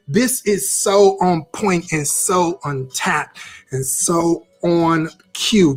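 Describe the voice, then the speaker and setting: A man's voice: a little high, fairly bright tone, slightly rough. A man teaching a live-streamed interactive class on creativity, upbeat, repeating phrases as he reacts to viewer comments.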